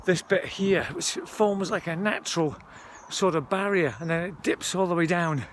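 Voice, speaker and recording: A man's voice: high-pitched, normal speed, a little hiss or hum. Breathless man vlogging on a hill. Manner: chatty, rambling, self-interrupting. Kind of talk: walking vlog commentary. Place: outdoors on a wooded hill.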